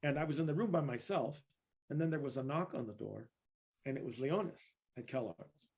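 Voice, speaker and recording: A man's voice: medium pitch, lively intonation, brisk, a little mellow, husky. A man from East Los Angeles, a guest percussionist, telling rambling anecdotes in a casual interview, laughing now and then. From East Los Angeles, California. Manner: rambling anecdotes with many fillers and restarts, laughing while telling stories.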